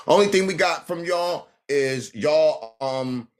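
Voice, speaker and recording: On a phone livestream, a man taunts and confronts his viewers directly in a ranting monologue. His voice is fairly high and expressive, and his delivery is slow.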